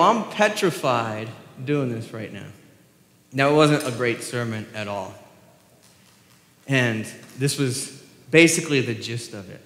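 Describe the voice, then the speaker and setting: A pastor with a Southern US accent giving a sermon, joking about himself and asking the congregation rhetorical questions. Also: male voice, medium pitch, expressive, unhurried, pauses often, a bit bright. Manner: self-deprecating, joking with the congregation; asks the crowd rhetorical questions. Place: church sanctuary. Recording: echoey church hall with long reverb.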